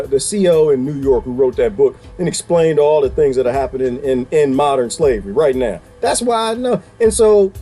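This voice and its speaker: A man riffs in casual reaction commentary with a fairly high but dark, mellow voice. He talks emphatically and colloquially, swinging his voice around and firing rhetorical questions. Faint music sits behind him. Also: husky. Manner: colloquial, laughs while talking. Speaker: vlogger commenting on a clip.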